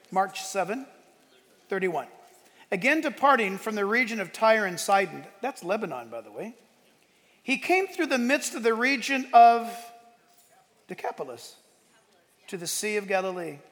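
A man pastor delivering a sermon in a church, animated, bursting into shouted emphasis. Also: high-pitched, big-room sound.

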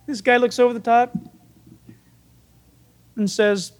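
A man preaching a sermon as pastor, animated and playful, acting out the people in his stories. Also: very high-pitched, takes it slowly, long pauses.

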